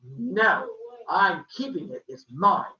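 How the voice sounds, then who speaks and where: A man's voice: high voice, sing-song, takes it slowly, dull audio, exaggerated voice. Man playing a cheeky, stubborn boy god, heard in a roomy, distant space. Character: mischievous bored young boy god, cheeky.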